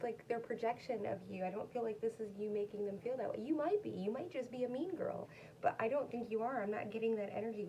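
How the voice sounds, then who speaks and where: This tarot reader has a mid-range voice with a dark tone, and she rambles chattily to her viewers through a casual reading, pausing to speak to her dog between cards. It's a low-quality recording with a bit of background noise.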